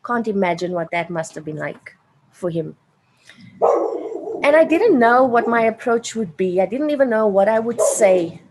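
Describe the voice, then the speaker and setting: Against a noisy background, an animated woman with a slightly high voice talks at normal speed. A South African interview guest in her late thirties or older, she recounts a personal story earnestly and emotionally, driving points home by repeating phrases.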